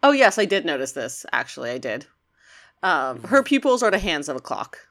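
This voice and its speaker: A woman's voice: low-pitched, big pitch swings, a little fast, fairly bright tone. A woman co-hosting a podcast, joking and chatting enthusiastically while recapping a cartoon episode. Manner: playful, jokey, enthusiastic asides. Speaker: podcast co-host.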